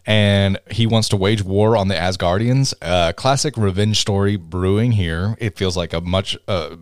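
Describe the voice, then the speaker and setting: Man, low voice, podcast host, animated, funny voices, dry close sound. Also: moderate pace, no echo. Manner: animated, acts out movie lines in funny voices. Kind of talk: casual chat.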